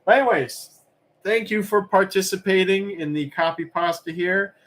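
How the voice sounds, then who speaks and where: Relaxed man hosting a live auction. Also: high-pitched, normal speed. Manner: relaxed, rambling, many fillers. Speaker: live-stream auction host. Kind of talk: casual live-stream chat.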